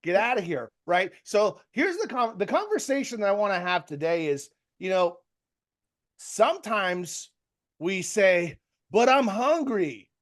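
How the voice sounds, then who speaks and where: High-voiced man coaching a video call. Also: animated, a little slow. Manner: rambling and conversational, with many restarts and fillers. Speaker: real estate coach. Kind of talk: live coaching talk to a group. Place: online group video call.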